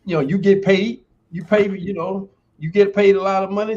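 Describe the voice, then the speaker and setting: A man's voice: high-pitched, steady tone, moderate pace, a little mellow. A man in his sixties, a former football player and university instructor, telling stories emphatically as a podcast guest and acting out quoted dialogue. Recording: dull lo-fi stream audio.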